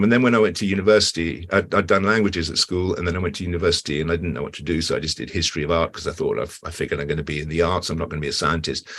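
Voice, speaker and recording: An older British man with a very low, deep voice talks through his story in a loose, rambling way. He restarts his sentences and fills gaps with ums, like a guest settling into a relaxed interview chat. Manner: acts out quoted voices with big pitch jumps. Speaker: guest actor.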